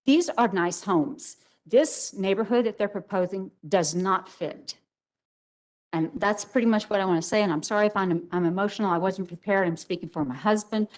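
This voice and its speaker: A woman's voice: mid-range voice, moderate pace, darkish tone, rough recording. An older woman speaking as a resident at a public hearing, emotional and emphatic. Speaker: resident giving public comment.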